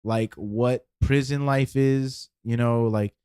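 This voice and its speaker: A man co-hosting a podcast with a mellow, dark voice. He rambles through his points, repeating words and leaning on fillers while he works out his thoughts. The recording is dry and close. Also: mid-range voice, steady tone, slow pace, clean tone, no room sound. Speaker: podcast co-host. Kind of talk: casual chat.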